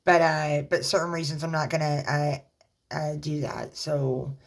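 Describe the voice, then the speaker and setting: A woman, a mother, talking casually to her viewers in a rambling, halting way with lots of fillers, earnestly offering religious encouragement. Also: low voice, steady tone. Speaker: vlogger. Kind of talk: casual talk to camera.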